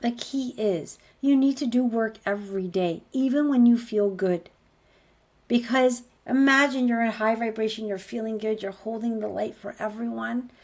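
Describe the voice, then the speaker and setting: A woman's voice: fairly high pitch, moderate pace. A woman, a spiritual healer, giving an earnest motivational talk, stacking rhetorical questions as she promotes her course.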